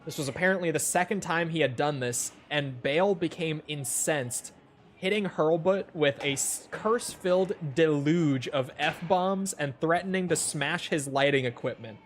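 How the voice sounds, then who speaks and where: A man's voice: a little high, moderate pace, a little hiss or hum. A man streaming casually, reacting to a clip in an amused, chatty way and laughing often.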